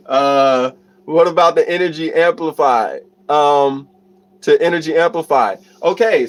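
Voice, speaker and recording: A man hosting a casual livestream, giving motivational self-help advice and answering viewer comments. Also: on the high side. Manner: reads viewer comments aloud and laughs often; motivational, many fillers and restarts.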